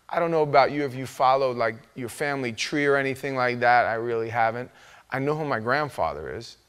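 A man preaching a sermon as pastor, telling stories in an animated way and acting out quoted voices with sudden loud outbursts. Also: mid-range voice. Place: church sanctuary.

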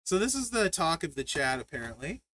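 Man, stream host, casual chat, animated storyteller, fairly high voice, frequent laughs. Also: a little fast. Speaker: livestream host.

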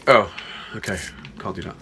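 A man chatting his way through a horror game with a bright, forceful voice. His manner is playful and chatty, and he keeps up a running commentary to his viewers. A faint hum of noise sits behind him. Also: fairly low pitch, moderate pace. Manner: playful, chatty, talks to viewers while playing. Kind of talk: casual let's-play commentary.

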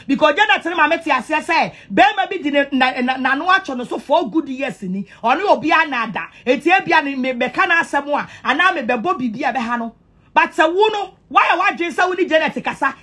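High-voiced, mocking Ghanaian woman. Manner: mocking, repetitive and sing-song, with loud outbursts. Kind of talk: taunting monologue to camera.

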